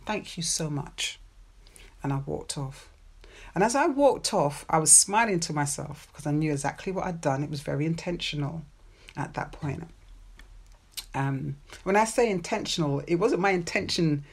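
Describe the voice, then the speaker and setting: A woman's voice: low voice, animated, breathy edge. A woman hosting a podcast, giving relationship advice in a playful, chatty monologue with personal stories and frequent laughs. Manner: playful, chatty, laughs often, drawn-out stressed words.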